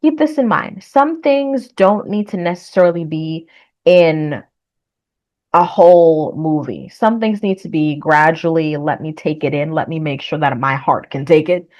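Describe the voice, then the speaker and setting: A woman with a low, deep-set voice talks through her reaction to a trailer in a relaxed, chatty way. She speaks with earnest conviction and leans into encouraging, faith-tinged words when she signs off. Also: unhurried, highs cut off. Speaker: reaction vlogger. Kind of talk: casual reaction commentary.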